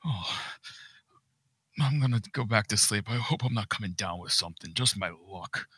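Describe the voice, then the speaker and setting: A man's voice: on the low side, lively intonation, moderate pace, pushed and bright, breathy edge, no room sound, full character voice. A man playing a harried middle-aged father on a family vacation, chatty and easily exasperated, in a comedic horror audio skit.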